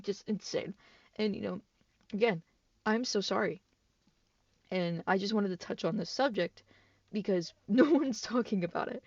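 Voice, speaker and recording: A young woman talking casually on her gaming vlog, rambling with fillers and swearing as she turns loud and incredulous. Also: mid-range voice, moderate pace, no echo, recorded from a distance, highs cut off. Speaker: gaming YouTuber.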